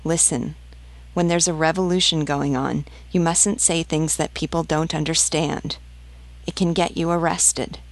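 A woman's voice: deep voice, steady tone, a little slow. A woman reading the part of a worried peasant woman who scolds and warns with raised, exclaiming lines. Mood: warning.

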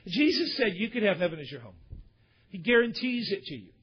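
Male preacher, high-pitched and husky, tells illustrations in a chatty, candid sermon; dull lo-fi sound. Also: sing-song, brisk. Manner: candid, conversational asides to the congregation. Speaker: pastor. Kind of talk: sermon with storytelling. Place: church service. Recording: dull lo-fi recording.

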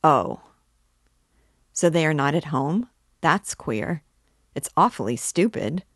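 A woman's voice: deep voice, big pitch swings, slow, breathy edge, no echo, studio quality, exaggerated voice. A woman reading aloud, voicing an impatient man visitor who grumbles and curses. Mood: irritated. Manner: grumbling, cursing.

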